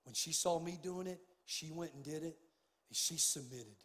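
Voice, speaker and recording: An older man delivers a heated sermon from the pulpit, his voice pitched high for a man. He swings between quiet, intimate stretches and loud, pressing outbursts. The long reverb of a large church sanctuary trails after his words. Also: moderate pace. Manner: impassioned, swings from hushed to loud. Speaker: pastor.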